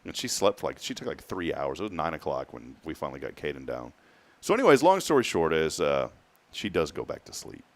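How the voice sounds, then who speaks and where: Male morning host, deep voice, rambling storyteller who laughs a lot. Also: big pitch swings, brisk. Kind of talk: casual chat.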